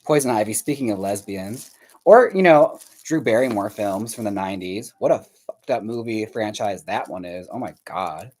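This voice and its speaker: A man's voice: on the low side, lively intonation, normal speed, a little mellow. Chatty, foul-mouthed man crafting live. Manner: chatty, profane and laughing often; rambling, searches memory aloud. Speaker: livestream host painting dolls. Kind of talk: casual chat with viewers while crafting.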